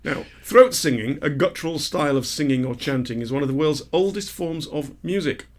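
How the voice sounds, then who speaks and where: A man's voice: a little high, brisk. A man co-hosting a podcast in casual chat, with dry, self-mocking asides. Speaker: podcast co-host.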